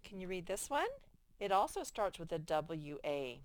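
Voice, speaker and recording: A woman's voice: fairly low pitch, sing-song, moderate pace, dry recording. A woman teaching sight words to young children, patiently stretching out the sounds of each word. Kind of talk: reading lesson for young children.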